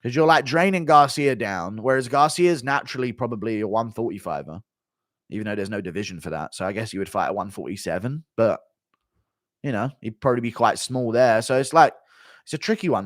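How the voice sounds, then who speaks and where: A man's voice: fairly low pitch, dry recording, clean studio sound. A man hosting a live stream, reading viewer donations and giving blunt, rambling fight commentary full of swearing.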